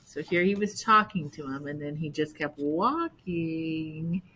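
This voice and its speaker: A woman reading a picture book aloud slowly, adding explaining asides to listeners. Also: low-pitched, animated, pushed and bright, a little hiss or hum, low-quality recording. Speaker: storybook reader.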